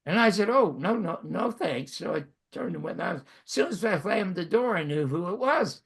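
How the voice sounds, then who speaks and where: An elderly man in his nineties from Canada tells long stories about his own life in a wry, self-mocking way. His voice is gravelly and husky, set a little higher than most men's. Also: animated, a little fast. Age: 90s. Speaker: host. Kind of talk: storytelling monologue.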